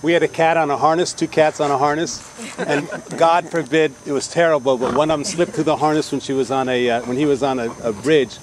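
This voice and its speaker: A man's voice: on the high side, steady tone, background noise. Rambling man at a graveside. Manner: rambling, halting with restarts. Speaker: family member sharing memories. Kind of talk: graveside remembrance storytelling. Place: outdoors at a graveside.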